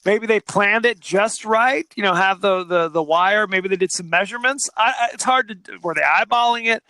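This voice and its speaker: A man co-hosting a podcast, recapping a movie plot in a joking, animated way. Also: high-pitched, moderate pace, no room sound. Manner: animated, jokey, recaps the plot with quoted asides. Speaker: podcast co-host. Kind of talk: casual movie-review chat.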